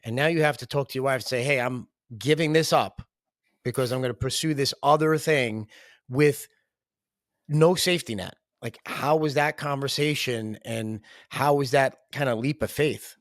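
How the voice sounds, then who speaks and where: A man's voice: mid-range voice, normal speed, dry recording. Brief: male podcast host, reflective and conversational, dry close recording. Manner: reflective, asks long questions. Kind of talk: podcast interview.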